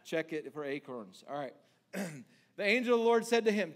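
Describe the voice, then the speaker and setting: A man's voice: high voice, animated, a little slow. A man pastor preaching a sermon in a conversational way, often restarting words and acting out lines from scripture.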